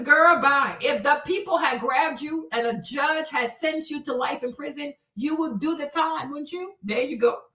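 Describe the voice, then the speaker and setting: This forties-aged woman hosts a live stream, holding forth in a blunt, preachy, casual rant peppered with "right?". She talks at a moderate pace with few pauses, her high voice bright and forceful. The recording picks up an echoey room, with her slightly distant from the microphone.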